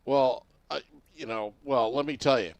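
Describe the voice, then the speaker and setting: A man's voice: mid-range voice, moderate pace, no room sound, lo-fi sound. A young man hosting a podcast in casual chat, telling stories animatedly with laughs and restarts. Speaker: podcast host.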